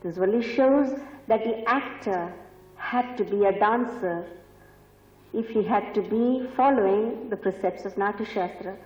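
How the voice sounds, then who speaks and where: A woman giving a dance lecture-demonstration, reciting Sanskrit verses slowly and deliberately. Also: mid-range voice, a little mellow. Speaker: dance teacher. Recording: echoey hall, voice from far off.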